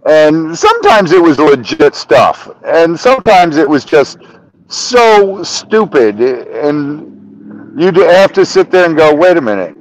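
A man's voice: a little high, big pitch swings, slow, no room sound, poor audio. A man guest on a podcast, telling casual stories about a friend with swearing and laughter. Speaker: podcast guest, reptile keeper. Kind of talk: casual storytelling.

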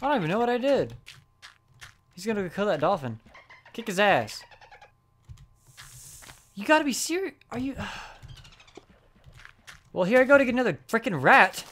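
A woman narrates her gameplay in a bright, sharp voice that swoops widely in pitch. She gets excitable and frustrated, and often yells at what happens on screen. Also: moderate pace, pauses often, slight background noise. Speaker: let's play host. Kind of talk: gameplay commentary.

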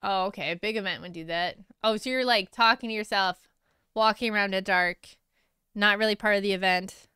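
A woman streaming as an artist, chatting casually with viewers while she draws, self-deprecating and quick to laugh, on a close mic. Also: mid-range voice, sharp tone, clear, resonant tone, dry recording.

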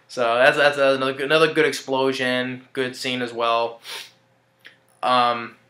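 A man's voice: medium pitch, completely flat delivery, a little slow, bright, forceful tone. A man casually recapping a film in a rambling, hesitant way, with frequent restarts and chuckles. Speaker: movie reviewer. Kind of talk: casual spoken movie review. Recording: roomy echo.

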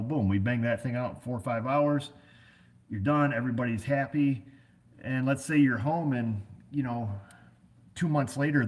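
A middle-aged American man who runs an auto repair shop, chatting casually in a folksy, rambling way full of fillers. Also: mid-range voice. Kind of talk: casual rambling vlog chat.

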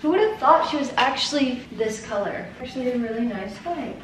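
A young woman with a high-ish, lively voice talks fairly quickly to herself as she gets ready at home for a casual vlog. She's chatty, rambles on, and swears freely. The background is noisy and the indoor sound roomy.

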